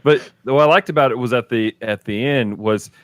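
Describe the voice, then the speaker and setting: Thoughtful guy talking through a movie point, steady, dry close mic. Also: medium pitch, moderate pace, no echo. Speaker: podcast co-host. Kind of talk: casual chat.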